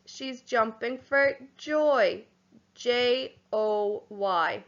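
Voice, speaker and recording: A young woman teaches young children at an easy, unhurried pace, spelling each word out letter by letter. Her voice sits fairly high, and the recording is a bit dull and lo-fi. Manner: slow and clear, spelling words out letter by letter; gently addresses children as boys and girls. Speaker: primary school teacher. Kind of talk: home learning lesson for young children.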